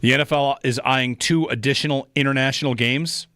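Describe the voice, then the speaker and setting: A man's voice: medium pitch, a little fast, no room sound. A man co-hosting a sports radio show in a studio, teasing his partner and reading call-in numbers and promos. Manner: animated, teasing, reads phone numbers and promos. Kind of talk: casual sports radio banter. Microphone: studio microphone.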